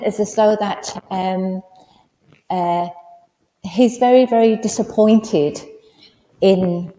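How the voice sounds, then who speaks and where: Halting woman in an echoey hall. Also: on the low side, mellow. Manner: halting, full of ums, relays spirit messages. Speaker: medium. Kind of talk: mediumship demonstration at a service. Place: village hall. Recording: echoey hall, faint background noise.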